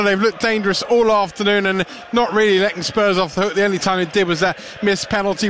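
A man giving a live football match report over a line, measured and descriptive. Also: high-pitched, fairly bright tone, slight background noise.

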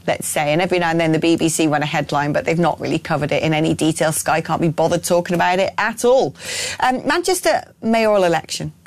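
A woman's voice: on the low side, dry recording. A woman hosting a political talk radio show, opinionated and blunt, reading out listener messages with frequent ums and restarts.

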